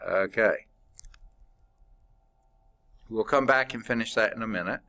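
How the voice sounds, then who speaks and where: Male math teacher, lower voice, relaxed lecture delivery, works problems aloud and quizzes the class. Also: measured pace. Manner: informal and chatty, with asides. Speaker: math instructor.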